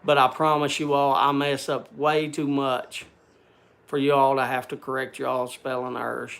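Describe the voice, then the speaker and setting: A man's voice: mid-range voice, flat delivery, normal speed, creaky, a bit bright. An older man hosting a livestream, chatting with viewers in a rambling, folksy, self-deprecating way. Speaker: livestream host. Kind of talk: casual chat to viewers.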